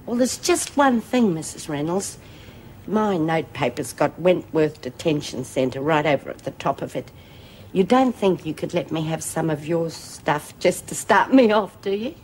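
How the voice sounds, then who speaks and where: A woman's voice: low voice, normal speed. An actress playing a cranky, blunt older woman prisoner with a broad Australian drawl, in an old TV drama. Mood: pleading. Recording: old TV audio with steady hiss.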